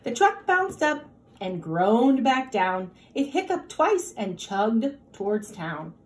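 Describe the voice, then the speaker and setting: A woman teacher reading a rhyming picture book aloud in a lively, rhythmic way. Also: a little high, takes it slowly, slight background noise.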